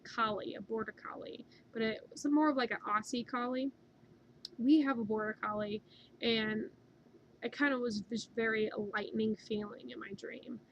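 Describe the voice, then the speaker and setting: A woman's voice: a little high, highs cut off, slight background noise. A young woman casually telling a long personal story, rambling with many fillers and restarts. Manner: rambling, many ums and likes. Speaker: dream narrator.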